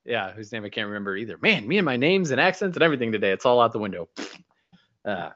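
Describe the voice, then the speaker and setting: Animated lo-fi man recapping an episode. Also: medium pitch. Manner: animated, rambling, breaks into quick impressions. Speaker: podcast co-host. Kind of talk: casual chat recapping an episode. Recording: dull lo-fi audio.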